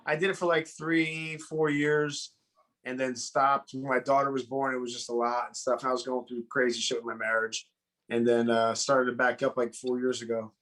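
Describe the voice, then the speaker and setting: A man's voice: medium pitch, flat delivery, normal speed, fairly bright tone. A man in his forties chatting casually on a podcast, laid-back, swearing freely and laughing often. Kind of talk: casual chat.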